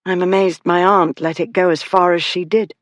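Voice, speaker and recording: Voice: medium pitch, steady tone, normal speed, fairly bright tone, no room sound, natural voice. A narrator voicing a witty, outspoken young lady who speaks frankly. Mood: amused.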